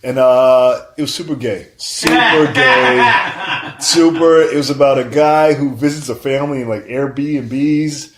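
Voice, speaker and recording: A man's voice: medium pitch, normal speed, few pauses, crowd noise. A man telling a story as a casual podcast co-host, swearing a lot and acting out what people said. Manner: loose storytelling, acts out quotes, swears often. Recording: echoey room.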